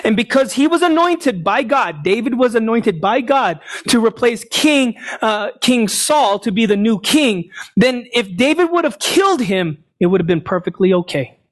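A man's voice: very high voice, animated, normal speed, hardly any pauses. A man preaching a sermon, retelling a scripture story and explaining it, asking and answering his own questions. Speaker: pastor.

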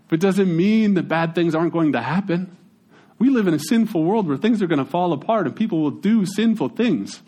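A man, giving a casual, conversational sermon as a pastor, with folksy, animated storytelling. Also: high voice.

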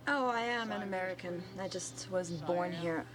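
A woman's voice: on the low side, normal speed, natural voice. An actress playing a composed German-born woman with a German accent in a film scene. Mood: matter-of-fact. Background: film score music.

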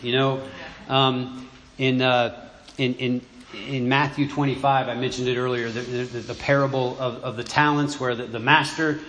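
A man's voice: medium pitch, level tone, a bit bright, slight background noise. Stammering preacher man in an echoey room. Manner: halting, stammers and repeats words. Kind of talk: sermon. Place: church.

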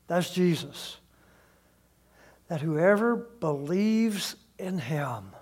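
A man preaching a sermon, slow and deliberate, sometimes dropping to a hushed voice, recorded outdoors beside a tree. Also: sits high. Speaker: pastor.

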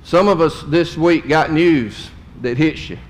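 A man's voice: on the high side, measured pace, slight background noise. A middle-aged man, a pastor telling a story in a sermon in a folksy, emotional way. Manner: folksy, emotional storytelling with drawled Southern phrases.

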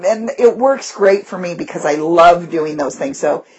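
A woman's voice: fairly low pitch, moderate pace, husky, highs cut off. A woman teacher co-hosting a podcast, chatting casually and animatedly about her classroom. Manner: animated storyteller, breaks into voices. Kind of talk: casual chat.

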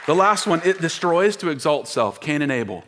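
A man's voice: a little high, very animated, normal speed, crowd noise, background noise. A man preaching a sermon as pastor, emphatic, leading the congregation in call-and-response. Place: church auditorium. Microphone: wearing a mic. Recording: long hall reverb.

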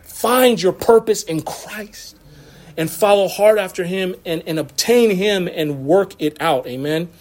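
A man's voice: high voice, a little slow. A man in his thirties preaching to his church in a conversational way, with laughs and asides. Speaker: pastor. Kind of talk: sermon. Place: church sanctuary.

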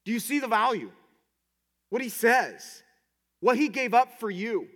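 Passionate male preacher, high voice, echoing hall. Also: measured pace. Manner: excited, passionate, many restarts. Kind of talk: sermon.

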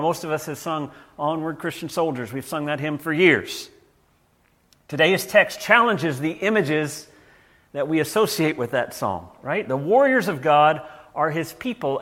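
A man's voice: on the high side, a bit bright. A man preaching a sermon in a conversational way, often restarting and repeating words as he goes. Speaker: pastor.

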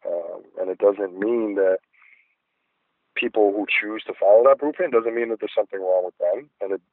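Low-voiced man on a tinny phone line. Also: normal speed, no echo. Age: middle-aged. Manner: reflective, rambling with many fillers. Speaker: guest artist. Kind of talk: casual interview chat.

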